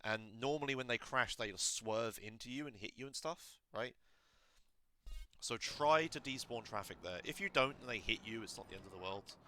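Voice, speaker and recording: Man, low-pitched, bright tone, casual game coaching, relaxed, filler-heavy. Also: brisk, few pauses, dry recording. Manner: relaxed, instructive, many fillers. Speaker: streamer coaching a speedrun.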